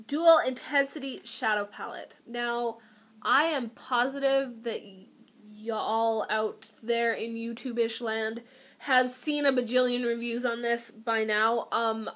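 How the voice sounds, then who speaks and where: A young woman chats to her viewers at home, spinning a self-mocking, giggly story about her makeup. Her voice sits high and sounds bright and a little sharp. She plays her own panic up for laughs and talks like she is talking with friends. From Canada. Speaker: beauty vlogger. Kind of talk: casual haul storytelling to camera.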